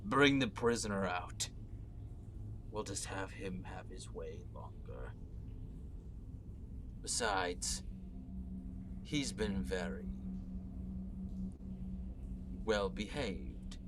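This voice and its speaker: A man's voice: low-pitched, lively intonation, takes it slowly, pauses often. A man voicing a cruel, sadistic villain lord in a tabletop game, menacing and contemptuous as he barks orders. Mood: smug. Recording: clear background noise.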